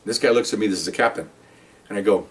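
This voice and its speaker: Older ex-detective, fast and heated storyteller, slightly distant mic. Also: male voice, fairly low pitch. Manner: heated, animated, acts out quoted lines. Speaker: retired narcotics detective. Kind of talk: personal storytelling.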